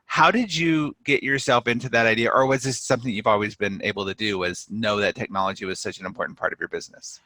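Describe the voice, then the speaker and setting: A man's voice: on the low side, steady tone, fast, hardly any pauses, bright, forceful tone, no room sound. A man hosting a podcast, upbeat and joking with his guest. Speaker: podcast host. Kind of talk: podcast interview.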